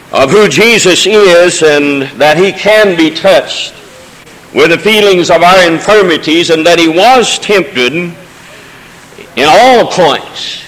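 A pastor delivers his sermon in a fairly high voice, drifting from easygoing asides into swelling, emotional cadences. His words ring out with the long reverb of a church sanctuary. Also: a bit bright. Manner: preaching with folksy asides and rising emotional cadences. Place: church sanctuary during a service.

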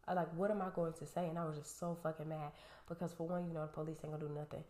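A woman with a low, heavy voice tells a storytime straight to her viewers. She is animated and profane throughout. Her voice bounces around a roomy space. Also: fast. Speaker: vlogger. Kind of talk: storytime rant. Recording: roomy echo.

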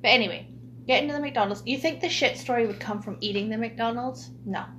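A woman's voice: a little high, brisk, a bit bright, a little hiss or hum. A woman telling a funny childhood story in casual chat, laughing and using lots of fillers.

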